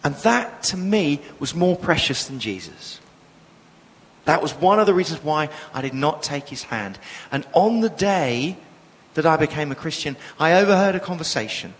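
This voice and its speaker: Passionate preacher in an echoing hall. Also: male voice, lively intonation, moderate pace. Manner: passionate, emphatic, with sudden swells in pitch and volume. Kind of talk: sermon. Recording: long reverb of a large hall.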